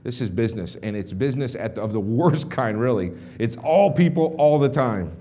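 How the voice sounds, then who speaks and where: A middle-aged man on a conference stage, telling an energetic keynote story to a business audience and acting out the dialogue. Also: medium pitch, moderate pace. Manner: animated, acts out dialogue with restarts and asides. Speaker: motivational speaker presenting to a business audience.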